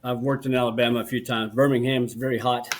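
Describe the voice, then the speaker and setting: Host: Oklahoma man, mid-pitched, friendly chatter. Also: level tone, quick pace, slight background noise. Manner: friendly, laughs easily, many short acknowledgements. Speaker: interviewer host. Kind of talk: casual interview chat.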